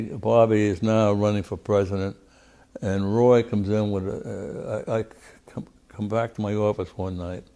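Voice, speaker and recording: Older New man, ex-congressman, deep and mellow, tells it blunt and salty. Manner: blunt, profane storyteller who repeats words as he goes. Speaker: former congressman. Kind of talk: recounting past events in an interview.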